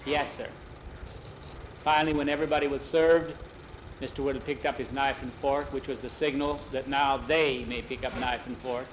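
A man telling a story in a relaxed, homespun way, acting out each character as he goes, in a roomy, dull lo-fi recording. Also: medium pitch, slight background noise. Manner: unhurried, homespun, acts out the characters. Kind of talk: oral storytelling.

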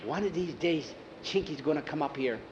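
A man's voice: fairly high pitch, expressive, normal speed, muffled recording, noisy background, close to an everyday voice. A man voicing an eager, teasing young boy full of wild notions, in a told story. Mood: spooky. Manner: eager, teasing, spins spooky ideas.

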